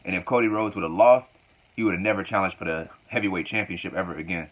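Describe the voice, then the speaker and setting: A man's voice: deep voice, quick pace, narrow, tinny audio. A man reviewing a wrestling show in a casual, rambling way, repeating phrases as he recaps.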